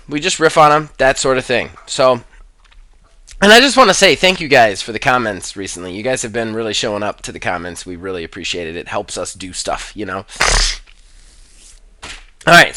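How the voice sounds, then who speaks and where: Lively, laughing male podcast host. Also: mid-range voice, a little fast, no echo. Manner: laughing, joking, profane. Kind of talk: casual chat.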